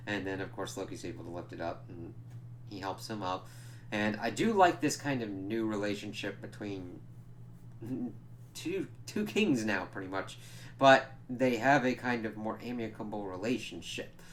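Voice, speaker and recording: A man's voice: lowish voice, normal speed, a little hiss or hum. Casual rambling male comic reviewer. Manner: loose and rambling, retelling the plot.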